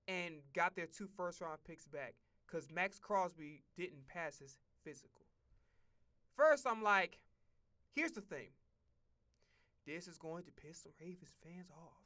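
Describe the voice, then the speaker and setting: A man streaming casual sports commentary, profane and rambling, with excitable outbursts. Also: high voice.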